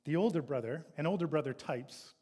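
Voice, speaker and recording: Brisk and warm in tone, a male pastor with a slightly high voice preaches a sermon. He reads scripture, then retells it, at points raising his voice to act out the sons' complaints.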